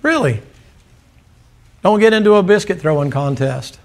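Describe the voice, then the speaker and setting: A man preaching with folksy humor and sudden bursts of energy. His voice sits fairly high and swings widely up and down as he drives his points home. He talks to the congregation like a neighbor over supper. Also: normal speed, long pauses. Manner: folksy, animated preaching with jokes. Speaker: pastor. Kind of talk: sermon.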